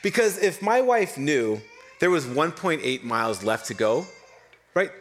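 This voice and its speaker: A young adult man preaching a sermon, telling a personal story with animated, self-deprecating humor and frequent fillers. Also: fairly high pitch, unhurried, soft background music. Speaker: pastor.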